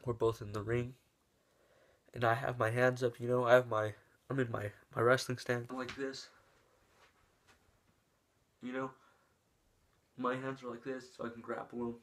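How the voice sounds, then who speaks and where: A man's voice: medium pitch, level tone, normal speed, pauses often, fairly bright tone. Young man rambling through a story. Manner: rambling, full of "like" and restarts; shows moves with his hands as he talks. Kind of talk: casual story time vlog.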